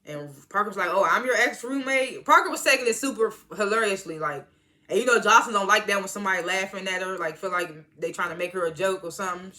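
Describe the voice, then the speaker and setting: Woman, bright voice, casual show recap, slangy, animated, laughs a lot. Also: mid-range voice, fast. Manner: animated, slangy, swings into loud excited retellings; frequent laughs and filler words. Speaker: TV show reviewer.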